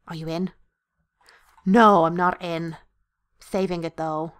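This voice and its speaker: A woman's voice: fairly low pitch, moderate pace. A woman playing through a visual novel, reading every character's lines aloud with crude ad-libbed jokes and laughter. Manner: crude jokey ad-libs, laughing between lines. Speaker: let's play host voicing all characters. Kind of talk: comedic game dialogue read-aloud.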